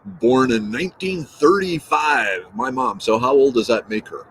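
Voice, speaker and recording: A man's voice: mid-range voice, unhurried, a bit bright, slight background noise, poor audio. Host, male, fifties, casual morning live stream, playful and rambling, mid-range voice, talks straight to the viewers. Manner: chatty, reads out and answers viewer comments; playful, repeats words and trails off.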